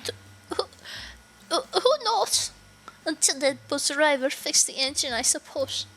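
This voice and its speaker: A woman voicing a theatrical lady who fakes a wobbly French accent with breathy sighs. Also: sits high, measured pace, fairly bright tone, a little hiss or hum. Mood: coy.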